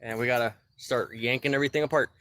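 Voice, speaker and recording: A man's voice: medium pitch, fairly even intonation, fast talker, a bit bright. A man livestreaming a car repair from his backyard, talking loosely to viewers while winded. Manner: loose, rambling, greets viewers by name. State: out of breath. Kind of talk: casual livestream chat. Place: backyard, outdoors.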